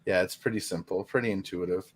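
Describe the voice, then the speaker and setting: A man's voice: deep voice, fairly even intonation, fast talker, no room sound. A man co-hosting a casual livestream show, chatting in an upbeat way. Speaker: co-host.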